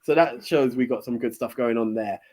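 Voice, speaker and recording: A man's voice: mid-range voice, a little fast, darkish tone. A man, hosting a podcast in casual, enthusiastic chat with many fillers and restarts. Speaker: podcast host.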